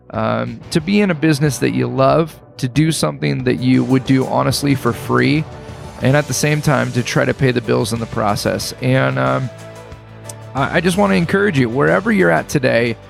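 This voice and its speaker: A man in his thirties hosting his own podcast, speaking earnestly and encouragingly with frequent restarts. His voice is deeply gravelly with heavy fry, and he sounds a little choked up. Soft guitar music sits faintly beneath him. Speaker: podcast host. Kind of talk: casual podcast monologue. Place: hotel room.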